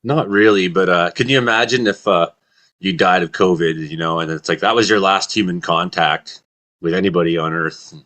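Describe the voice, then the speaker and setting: Low-voiced man telling rambling stories. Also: normal speed. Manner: rambling deadpan storyteller. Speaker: comedy weather show host. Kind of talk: casual chat.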